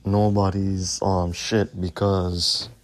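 A man's voice: low voice, flat delivery, takes it slowly. A man hosting his own podcast, ranting in a combative, profane way and repeating his points. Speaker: podcast host.

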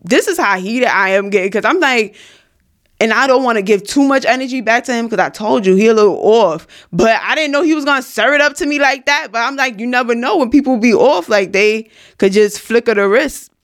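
A woman's voice: fairly high pitch, a little fast. A young woman, casually telling a storytime in a slangy, emphatic way from her home studio. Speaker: vlogger.

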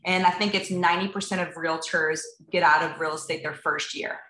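A woman's voice: on the low side, fairly even intonation, fairly quick, sharp tone. Chatty woman in an echoey room. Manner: chatty, acts out dialogue, many fillers like "like" and "um". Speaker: realtor and TV show guest. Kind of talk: casual interview chat.

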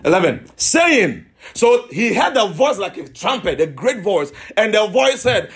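A man's voice: high-pitched, sing-song, measured pace, hardly any pauses. A man preaching a sermon, emphatic, repeating himself and asking his listeners questions.

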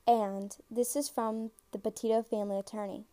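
A woman hosts a laid-back true-crime podcast, speaking directly to her listeners in a chatty, excitable way and occasionally tripping over words while reading. Her voice sits on the high side and she talks at a moderate pace.

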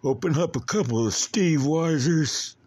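A man's voice: on the high side, a little slow, a little mellow, breathy edge, no echo, voice pushed up. A man doing a hollering Texan wrestler. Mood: rowdy. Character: gruff Texan wrestler, loud and rowdy.

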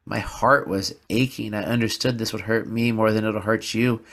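A man's voice: fairly low pitch, steady tone, normal speed, creaky, a bit bright. A man hosting a podcast, telling a personal story in an earnest, confessional way and repeating words for emphasis. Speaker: podcast host. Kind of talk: personal reflective podcast monologue.

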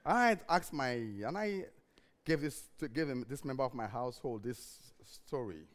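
A male pastor preaching a sermon with emphatic repeated refrains, swinging between shouted lines and hushed, low-spoken ones. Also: lively intonation, moderate pace.

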